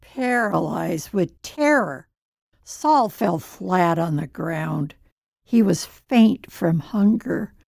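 A woman narrating a scripted story in a measured, solemn reading. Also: on the low side, lively intonation, vocal fry, darkish tone, no room sound, studio quality.

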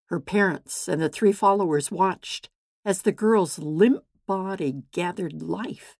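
A woman storyteller reading a scripted Bible story in a measured, deliberate way. Her voice is low and gravelly, her pace slow, and the recording close and dry. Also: a little mellow, no echo.

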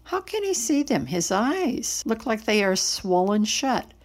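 A woman voicing the quiet, wondering inner thoughts of a man carrying a cross. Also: fairly high pitch, sing-song, a little slow, pitched above the performer's own voice.

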